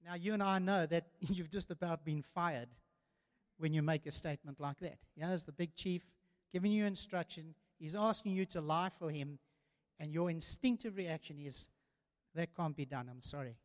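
High-voiced preacher in a reverberant hall. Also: male voice, moderate pace. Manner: earnest storytelling preacher, rising to emphatic declarations. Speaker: pastor. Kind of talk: sermon. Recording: long church reverb.

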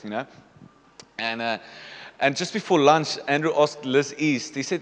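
A man's voice: fairly high pitch, lively intonation, moderate pace, in a large hall. A man in his thirties, a pastor giving a confessional personal testimony during a sermon, often checking in with "okay?". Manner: confessional, repeats "okay?" to the congregation. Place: church hall.

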